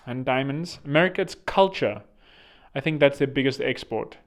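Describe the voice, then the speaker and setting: A man's voice: mid-range voice, expressive, moderate pace. A man from South Africa with a South African accent, talking in a rambling, digressive monologue full of sarcastic, mocking asides. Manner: digressive, self-correcting. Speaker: online commentator.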